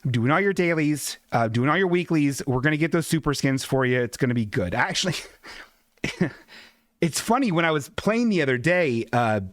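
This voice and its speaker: A man's voice: on the high side, expressive, normal speed, fairly bright tone, dry recording, studio quality. A man hosting a comedy show, rambling and chuckling through his stories.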